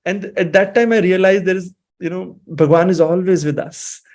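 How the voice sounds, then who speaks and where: A man in his thirties from Himachal with an Indian English accent, sharing a personal devotional story in a reflective, emotional and halting way. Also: sits high, steady tone, darkish tone. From Himachal Pradesh, India. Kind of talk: personal testimony, mixing English and Hindi.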